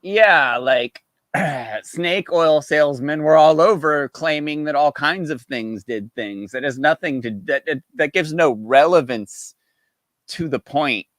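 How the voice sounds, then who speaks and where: A man's voice: a little high, slow, fairly bright tone, no echo. Exasperated man ranting on a dry mic. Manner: exasperated, dismissive ranting with mocking quotes. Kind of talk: casual livestream rant.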